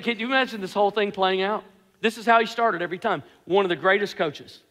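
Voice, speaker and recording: A male pastor delivers his sermon with earnest emphasis, circling back to the same phrases to drive them home. His voice sits very high and sounds bright and forceful. It rings with the long reverb of a large hall. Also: fast talker.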